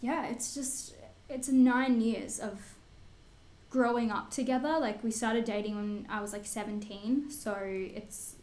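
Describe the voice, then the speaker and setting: A woman's voice: fairly high pitch, fairly even intonation, unhurried, a little mellow, echoey room. A woman in her twenties with an Australian accent, chatting candidly to camera as a vlogger, swearing freely with lots of fillers. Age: 20s. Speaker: beauty vlogger. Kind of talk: casual chat answering assumptions.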